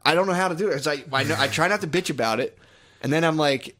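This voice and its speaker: Young dude rambling crude stories on a podcast, laughs a lot, keeps restarting. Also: male voice, mid-range voice, quick pace, a bit bright. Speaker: podcast co-host. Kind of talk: crude casual banter.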